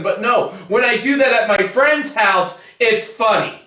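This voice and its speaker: A man's voice: high voice, unhurried, few pauses. Profane ranting man in an echoey room. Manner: profane, blunt, animated ranting. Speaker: hobby channel host. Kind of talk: ranting casual monologue. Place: home basement hobby room. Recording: echoey room, far from the mic.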